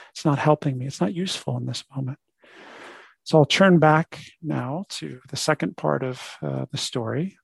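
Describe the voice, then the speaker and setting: A man's voice: fairly high pitch, vocal fry, darkish tone, husky, dry recording. A man teaching a meditation talk in a conversational way, often checking in with "right?". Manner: conversational, frequent "right?" asides. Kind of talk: dharma talk.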